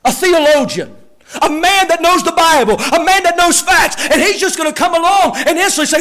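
High-voiced man preaching a lively sermon. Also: fairly quick. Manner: animated preaching with acted quotes and shouted emphasis. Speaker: pastor.

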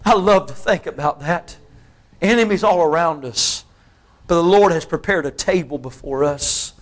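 A male preacher, delivering a sermon that rises into shouted, fervent preaching. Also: on the high side, moderate pace.

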